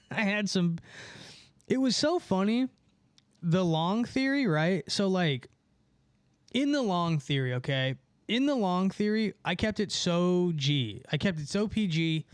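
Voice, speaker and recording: A man's voice: a little high, clean tone, no room sound. A man hosting a live call-in stream, talking casually and rambling with many fillers and restarts while reading chat comments. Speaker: host of a live call-in show.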